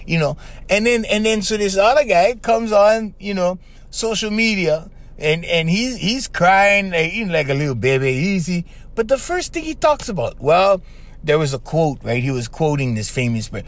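A man's voice: high voice, very animated, normal speed, a bit bright. A man from Hawaii hosting a casual podcast monologue. He talks straight to his listeners and acts out the people he quotes. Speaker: podcast host.

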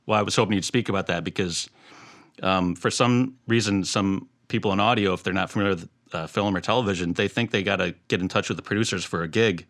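A man hosting an audio-career podcast, asking long, relaxed questions. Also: deep voice, fast talker. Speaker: podcast host. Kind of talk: casual podcast interview.

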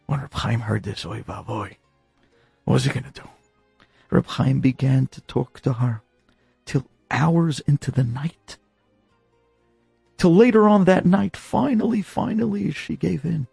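A man telling a dramatic story in an animated, exclamatory way, sprinkling in Hebrew and Yiddish phrases. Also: mid-range voice, a little slow, gravelly, pauses often, breathy edge, no room sound, faint music behind.

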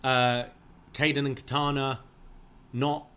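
A man's voice: mid-range voice, level tone, slow, a bit bright, clean tone. A man co-hosting a wrestling review show, giving his picks in casual chat and laughing easily.

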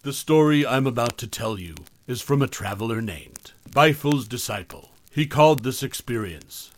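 A man reading a scripted horror story aloud as the host, in a measured, calm storytelling manner. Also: mid-range voice, no echo.

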